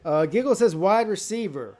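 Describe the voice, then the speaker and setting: A man's voice: sits high, expressive, normal speed, mellow. A man from South Carolina hosting a live football draft stream, brash, profane and joking in casual commentary.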